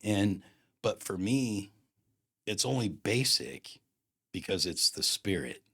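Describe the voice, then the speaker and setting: Deep-voiced man in his fifties telling a story. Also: lively intonation, takes it slowly, a bit bright, slightly rough. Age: 50s. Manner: slangy and emphatic, acts out quoted dialogue. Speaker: guest telling a personal story. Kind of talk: casual storytelling conversation.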